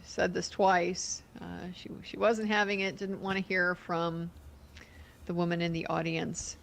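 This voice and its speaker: A woman slowly recounting courtroom events, in a measured, hesitant way. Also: lowish voice, flat delivery, creaky, a little hiss or hum.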